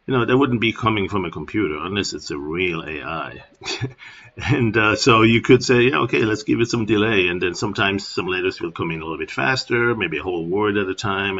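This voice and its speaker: Low husky man with a German accent. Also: fairly bright tone. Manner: rambling, explanatory, frequent filler words. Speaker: software tutorial presenter. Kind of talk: casual screen-recording tutorial. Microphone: computer microphone. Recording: dull lo-fi screen recording.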